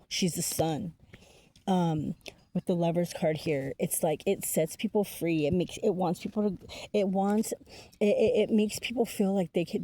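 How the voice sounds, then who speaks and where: A woman with a low, warm, mellow voice talks through a tarot spread in a loose, chatty way. She swears freely, laughs often and fills her sentences with ums and you-knows. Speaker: intuitive tarot reader. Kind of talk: casual spoken tarot reading.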